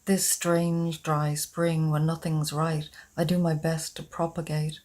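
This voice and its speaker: A woman reading her own poem aloud in a measured, unhurried recitation. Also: low-pitched, flat delivery, darkish tone. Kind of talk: poetry reading.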